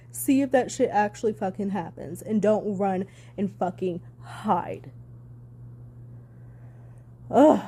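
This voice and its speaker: Here a commentary vlogger with a dark-toned voice on the high side reacts casually on her own channel. She sounds heated and sarcastic, swears hard for emphasis, and drops sarcastic asides.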